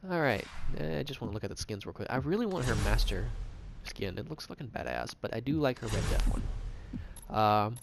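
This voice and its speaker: A man's voice: mid-range voice, clean tone. A man casually narrating a game tutorial, rambling and swearing, with frequent restarts. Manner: rambling, profane, fast talk with restarts. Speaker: gaming channel host.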